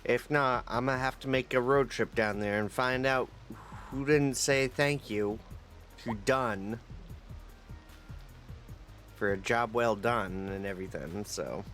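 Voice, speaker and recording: A male livestreamer chatting casually with his viewers in a relaxed, rambling way, with many fillers. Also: mid-range voice, unhurried, pauses often, faint music behind.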